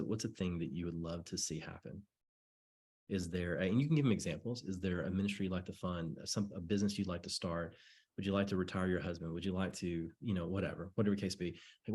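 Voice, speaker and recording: A man with a low, somewhat husky voice talks through sales coaching on a call. He rambles in a friendly, repetitive way and slips into little acted-out conversations. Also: darkish tone. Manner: chatty, repetitive, acts out sample dialogues. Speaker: network marketing coach. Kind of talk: casual coaching talk on a call.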